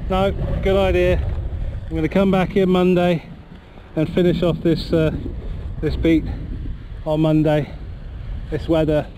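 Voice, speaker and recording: A chatty man with a cold, rambling cheerfully to the camera as he fishes. His voice sits a touch high, with faint wind noise from the riverbank in the background. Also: little pitch movement, unhurried, long pauses. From Cornwall. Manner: chatty, rambling, easily amused. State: has a cold. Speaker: fishing vlogger. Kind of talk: casual outdoor vlog narration. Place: windy riverbank outdoors in bad weather.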